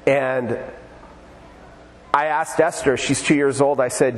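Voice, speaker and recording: A man's voice: mid-range voice, fairly even intonation, slow pace, long reverb tail, a little hiss or hum. An older man preaching a sermon in a church, conversational and storytelling, joking with the congregation. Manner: conversational, storytelling, jokes with the audience. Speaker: pastor. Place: church in Oregon.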